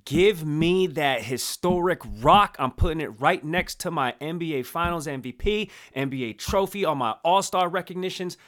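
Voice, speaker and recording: A man's voice: fairly high pitch, moderate pace, hardly any pauses. A man co-hosting a podcast, recapping a story in a playful, dramatic way. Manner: playful, dramatic recapping with sudden loud bursts. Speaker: podcast co-host. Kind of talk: casual chat.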